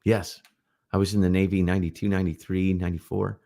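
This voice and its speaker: Low-voiced rambling man chatting. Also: fast talker, creaky. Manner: rambling, animated storyteller. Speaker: livestream co-host. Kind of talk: casual chat.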